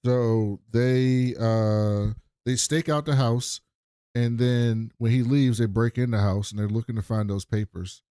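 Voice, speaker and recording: A man's voice: medium pitch, steady tone, a little slow, mellow, clear, resonant tone, no echo, studio quality. A man co-hosting a TV recap podcast, retelling scenes in a laid-back, casual way. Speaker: podcast co-host.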